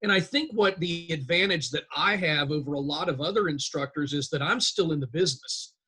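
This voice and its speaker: A man in his fifties with a bright, forceful voice pitched a little high. He chats and tells stories as a guest in an interview, animated and talkative. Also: fairly quick, slightly rough. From North Carolina, US. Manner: lively storyteller, animated and chatty. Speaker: guest, real estate instructor. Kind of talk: casual interview storytelling.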